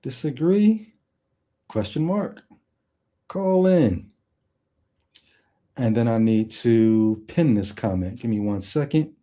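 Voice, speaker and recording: A man's voice: mid-range voice, slow, pauses often. A man hosting a call-in livestream, talking straight to the chat and telling stories with acted-out quotes. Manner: animated storytelling, acts out quoted voices; talks to the chat directly. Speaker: call-in show host. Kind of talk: livestream monologue.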